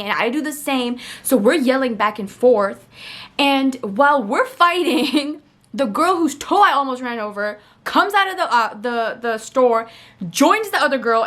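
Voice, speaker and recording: A young woman telling a story to her camera in a chatty, digressive way, often laughing at herself and getting animated as she retells an argument. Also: high voice. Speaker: vlogger. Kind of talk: casual storytime monologue.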